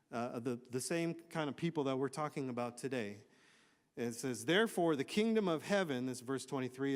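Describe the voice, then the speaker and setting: A male pastor preaching a conversational sermon in a church, reading scripture with casual, joking asides. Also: mid-range voice. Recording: long hall reverb.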